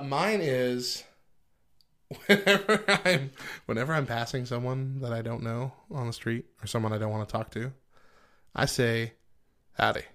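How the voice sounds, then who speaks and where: A man's voice: mid-range voice, fairly bright tone. A man co-hosting a podcast in casual chat, playful and self-mocking, laughing often. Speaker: podcast co-host.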